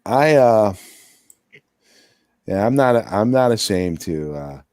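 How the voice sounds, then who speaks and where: A man's voice: lowish voice, animated, slow pace, a little mellow, no echo, studio quality. A man co-hosting a casual chat, rambling and restarting, hedging with "I mean" and "you know". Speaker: podcast co-host.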